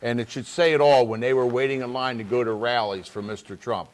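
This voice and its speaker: A man's voice: mid-range voice, steady tone, fairly quick. A man from Pennsylvania, a state representative, talking casually on a talk show in an earnest way, with many restarts.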